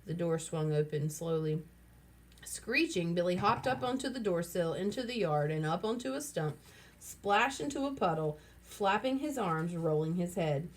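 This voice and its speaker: A woman reading a children's novel aloud, lively and throwing in wry asides. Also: lowish voice, moderate pace. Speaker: reader.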